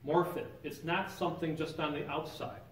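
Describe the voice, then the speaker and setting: A man leads a church Bible class in a relaxed, conversational way, stopping to quiz the people in the room. His fairly high voice rings around a big sanctuary. He sounds distant from the mic, with a faint hiss under the recording. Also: normal speed. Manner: conversational, quizzes the class with questions. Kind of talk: informal Bible lesson. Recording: roomy echo, picked up from a distance.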